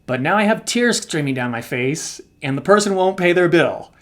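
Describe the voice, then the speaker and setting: A man's voice: a little high, expressive, normal speed. Emotional, confessional man co-hosting. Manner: emotional and confessional, swings between soft and loud. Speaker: co-host. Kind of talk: candid podcast conversation.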